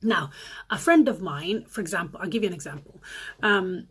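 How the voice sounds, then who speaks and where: A middle-aged woman vlogging casually to camera, telling animated stories and acting out her friends' lines. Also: moderate pace, husky. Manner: animated storytelling, acts out friends' lines in a higher voice.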